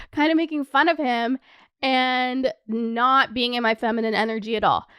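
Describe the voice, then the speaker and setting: A young woman in her twenties chatting excitedly to camera as a vlogger, swearing freely. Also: high-pitched, normal speed, clear, resonant tone, no room sound, studio quality. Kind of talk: casual chat to camera.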